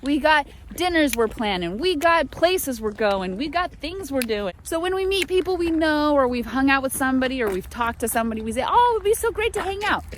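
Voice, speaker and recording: A young American woman chatting casually to camera from her small apartment, animated and a little exasperated. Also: high voice, a little fast, few pauses, slight background noise. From United States. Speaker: vlogger.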